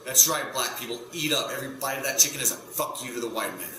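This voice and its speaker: A male stand-up comedian talks to camera in a bright, forceful voice, often cutting himself off and circling back to his point. The sound is roomy and echoey, and a faint hum runs under it. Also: medium pitch, fast talker. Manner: rambling, self-interrupting, provocative. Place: home setup in front of a green screen.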